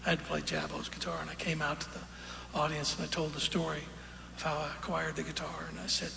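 Man, onstage storyteller, folksy, gravelly, long hall echo, audience noise. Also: on the high side, flat delivery, bright, forceful tone. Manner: folksy, unhurried, with fillers and quoted dialogue. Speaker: singer telling a story on stage. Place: large concert hall with audience. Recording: roomy live hall recording with audience noise.

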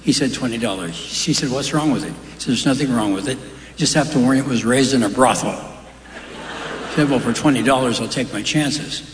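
A man's voice: mid-range voice, slight background noise. Guy telling one-liners on stage, folksy, big echoey hall. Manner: folksy punchline delivery with quick asides. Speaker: stand-up comedian. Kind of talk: stand-up joke telling. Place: large live venue. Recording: roomy hall with long reverb.

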